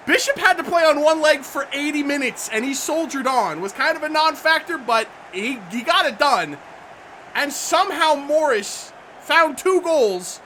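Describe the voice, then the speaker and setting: Animated, bright-voiced man commentating gameplay. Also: very high-pitched, normal speed, a little hiss or hum. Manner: excitable, shouts at goals and bad calls; frustrated muttering between outbursts. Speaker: gaming YouTuber.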